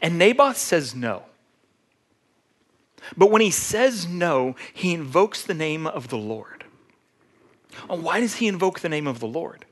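A man with a fairly high voice preaches a sermon. He retells scripture in a casual, conversational storytelling manner and speaks to his congregation as if chatting with friends. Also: big pitch swings, unhurried, long pauses. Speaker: pastor.

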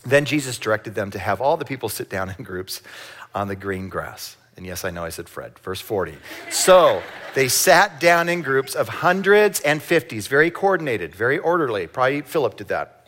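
A man preaching a sermon, reading scripture slowly and acting out the disciples' voices in lively asides, having the congregation repeat lines. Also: mid-range voice. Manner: animated, acts out voices in Bible stories. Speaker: pastor.

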